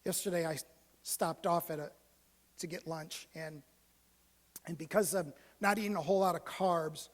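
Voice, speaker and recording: A male pastor telling a story in a sermon, moving from hushed, almost whispered lines to loud, animated ones. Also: a little high, moderate pace, pauses often. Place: church sanctuary. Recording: long church hall reverb.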